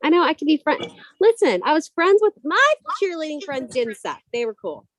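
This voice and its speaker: A woman's voice: high-pitched, very animated, normal speed, no echo. A middle-aged woman from a Southern California valley, co-hosting a casual chat in a bubbly, chatty way full of "like"s. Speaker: co-host.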